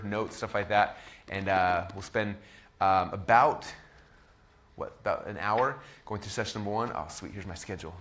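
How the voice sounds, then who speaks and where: A man's voice: on the low side, sharp tone, a little hiss or hum. A man in his thirties hosting and teaching a live-streamed course, talking casually with lots of ums and uhs.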